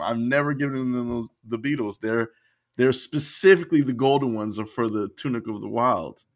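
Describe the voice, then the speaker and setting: A man co-hosting a casual podcast chat about games, animated and laughing often. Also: mid-range voice, normal speed. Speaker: podcast co-host.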